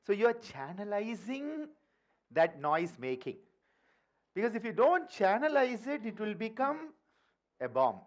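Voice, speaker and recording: Playful high-voiced Indian man teaching. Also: a little slow, long pauses. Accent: Indian English. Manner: animated, playful, asks the room "huh?" often. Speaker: yoga teacher leading a workshop. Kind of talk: lively workshop talk to a group. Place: workshop hall.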